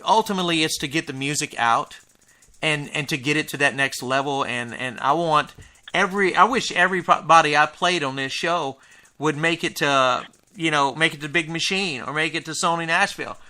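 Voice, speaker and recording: Bright-voiced upbeat male radio host. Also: fairly high pitch, normal speed. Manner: energetic, stumbling repetitions. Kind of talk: casual radio chat.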